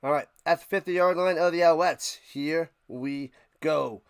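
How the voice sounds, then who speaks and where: A high-voiced man calls football plays live for his stream's watch party. He rants and repeats himself, jumping from shouted outrage to low grumbling mutters. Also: unhurried, smooth. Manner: excitable, swings from ranting shouts to low mutters; repeats himself while ranting. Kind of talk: live play-by-play and reaction commentary.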